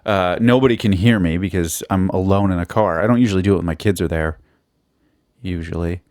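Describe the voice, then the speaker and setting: Solo podcast host, male, lowish voice, dry booth sound; loose, foul-mouthed, self-deprecating comic rambling. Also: a little fast, darkish tone, no echo. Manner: rambling, profane and self-mocking. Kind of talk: casual comedic monologue.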